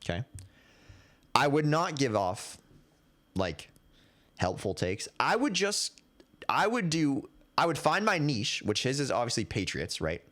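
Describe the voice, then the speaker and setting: A young man rants on his podcast about sports coverage, swearing freely and thinking out loud as he goes. His pitch swings up and down with every point, and he sits at an ordinary middle pitch for a man. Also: unhurried, long pauses. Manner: profane, rambling, animated, thinking out loud. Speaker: podcast host. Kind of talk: casual sports rant.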